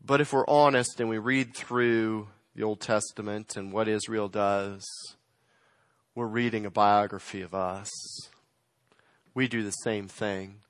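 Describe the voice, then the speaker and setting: A man preaching a sermon, swinging between loud emphatic lines and quiet, slowed phrases. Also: fairly low pitch, steady tone, no echo. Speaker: pastor.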